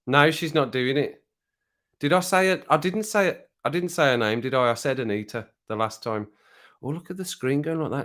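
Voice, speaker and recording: A man's voice: a little high, a bit bright. A man chatting casually on a live stream from home, rambling and laughing often at himself. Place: home room with sun on the window.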